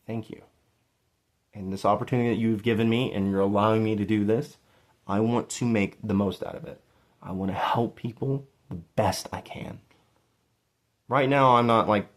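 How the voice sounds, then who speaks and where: A young man talks straight to his viewers in a casual vlog, his voice sitting a little on the low side. He rambles earnestly, restarts his sentences and pokes fun at himself. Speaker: YouTuber thanking subscribers. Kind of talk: heartfelt casual vlog monologue.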